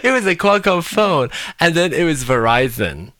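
A man's voice: fairly high pitch, sing-song, normal speed, background noise. A man from Malaysia hosting a podcast in casual chat, playful and teasing, breaking into laughter. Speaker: podcast host.

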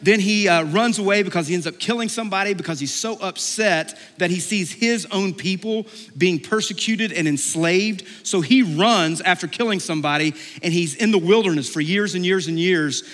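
Pastor guy preaching in a big echoey church, bright voice, jokey and chatty. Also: sits high, normal speed, few pauses. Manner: conversational, joking, acts out characters in asides. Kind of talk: sermon. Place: church sanctuary. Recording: reverberant church hall.

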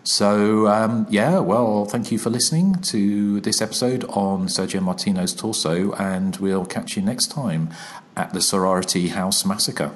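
A man's voice: fairly low pitch, measured pace. A man hosting a podcast in a casual, chatty way, hesitating with plenty of fillers. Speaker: podcast host.

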